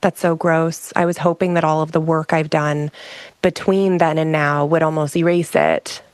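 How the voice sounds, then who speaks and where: A woman's voice: sits low, level tone, normal speed, clean tone, no echo. A woman speaking as a guest on a conversation show, telling a personal story in a frank, reflective way with frequent restarts. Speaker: guest, emotional regulation specialist.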